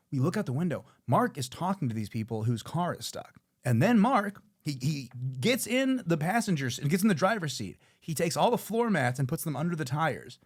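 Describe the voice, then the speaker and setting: A man's voice: fairly high pitch, very animated, brisk, husky. A man co-hosting a podcast, telling crude stories with lots of laughter. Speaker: podcast co-host. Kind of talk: casual podcast chat.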